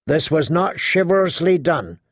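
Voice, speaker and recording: A man's voice: fairly high pitch, expressive, a little slow, dry recording, studio quality. A man voicing a stern, earnest woman knight in a stiff, formal way.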